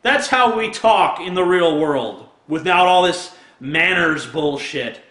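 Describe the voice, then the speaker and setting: A man with a somewhat high, forceful voice rants crudely and sarcastically straight to camera. He swears freely and laughs at his own jokes. The sound bounces around an echoey room. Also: expressive, takes it slowly. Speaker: video blogger. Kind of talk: profane comic rant to camera.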